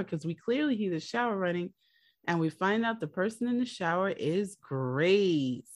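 A woman co-hosting a podcast recaps a drama series, telling the story in casual chat and animatedly acting out the people she quotes. Her voice is medium-pitched and moves at a normal speed. The recording is dry, with clean studio sound.

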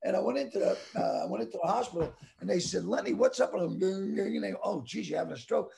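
A man in his sixties telling a story loudly and crudely, with lots of animated outbursts. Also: sits high, very fast, creaky. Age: 60s. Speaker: guest comedian. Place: home.

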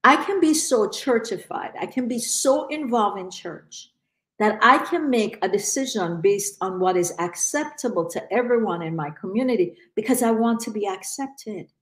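A woman's voice: mid-range voice, expressive, normal speed, reverberant, low-quality recording. A woman in a Bible study giving an earnest, emphatic reflection, often repeating words as she thinks. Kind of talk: earnest spoken testimony.

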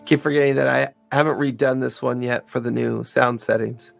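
A man's voice: mid-range voice, fairly even intonation, moderate pace, gravelly, soft background music. A man narrating a tabletop game as game master, rambling with many ums and likes.

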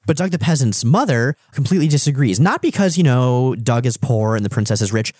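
A man co-hosting a podcast, chatting about comics in an animated, wry way. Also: medium pitch, a little fast, dry recording, studio quality. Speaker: podcast co-host. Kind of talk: casual comic-book chat.

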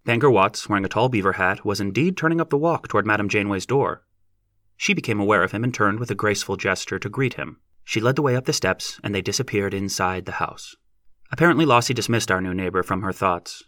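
A man narrating a novel as an audiobook in a measured, even reading. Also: fairly low pitch, no echo, studio quality.

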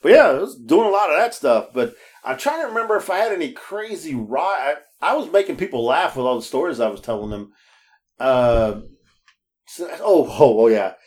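A man in a relaxed podcast chat tells his stories with plenty of laughter and a slightly raised pitch. He swears freely, restarts his sentences and acts out the voices of the people he quotes. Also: moderate pace. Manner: animated, laughing storyteller with frequent restarts. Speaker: podcast co-host. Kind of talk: casual storytelling chat.

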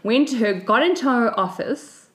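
A South African woman in her thirties, co-hosting a podcast and telling a personal story in a lively way, acting out what other people said. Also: on the high side, normal speed. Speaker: podcast co-host. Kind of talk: casual storytelling chat.

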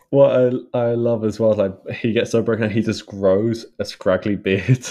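A man with a low voice retells film scenes in a relaxed podcast chat. He laughs often and pitches up when he quotes the characters. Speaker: podcast co-host. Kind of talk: casual film review chat.

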